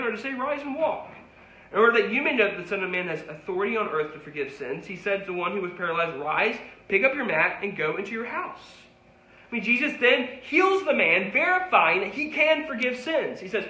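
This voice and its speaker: A man's voice: sits high, expressive, a little fast, pushed and bright, reverberant, low-quality recording. A man preaching a sermon as a pastor, conversational and rising to emphatic peaks.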